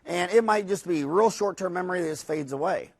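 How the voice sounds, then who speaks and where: A man, a dentist, giving a recorded lecture in a rambling, animated storytelling way, with many fillers and restarts. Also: sits high, fairly quick. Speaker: dentist teaching a course.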